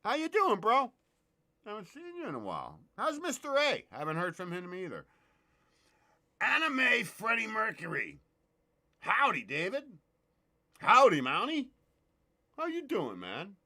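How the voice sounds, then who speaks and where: A man hosting a casual livestream, excitable and profane, greeting viewers in the chat by name. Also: sits high, a little slow, long pauses. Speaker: livestream host.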